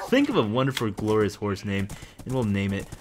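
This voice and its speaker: A young man casually commenting on his own gameplay as a video host, rambling and excitable with lots of jokes. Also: on the low side, moderate pace, background noise. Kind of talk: casual let's-play commentary.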